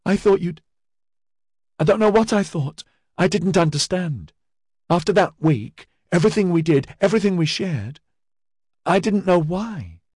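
A man voicing a distraught young woman who speaks in a croaky, unsteady voice. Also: medium pitch, sing-song, unhurried, pauses often, darkish tone, no echo, clean studio sound, voice pushed up. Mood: weeping.

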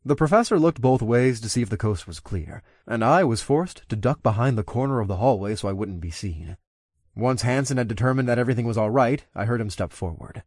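Guy reading an audiobook in first person, mid-pitch, steady and chatty, dry close mic. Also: brisk, no echo. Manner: steady, conversational storytelling. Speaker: narrator.

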